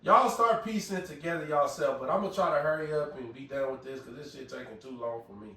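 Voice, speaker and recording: A man's voice: on the high side, fast, bright, forceful tone. A male interviewer making brief, offhand remarks. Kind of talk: casual interview. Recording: roomy echo, distant mic, faint noise.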